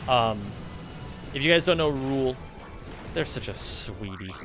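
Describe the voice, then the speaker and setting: Over background music, a young American streamer talks at a measured pace in an animated, medium-pitched voice. It's casual game-livestream chatter, rambling and full of swearing, with "like" dropped in constantly.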